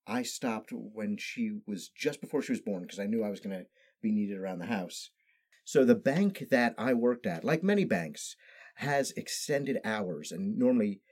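Precise-spoken man, mellow low voice. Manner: precise, carefully placed speech with no regional accent. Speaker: podcast guest, improv actor. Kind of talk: casual storytelling chat.

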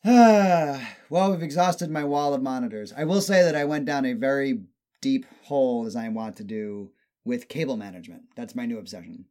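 A man's voice: medium pitch, fairly quick, darkish tone. A young man co-hosting a casual chat, ranting and joking with lots of swearing. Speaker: podcast co-host.

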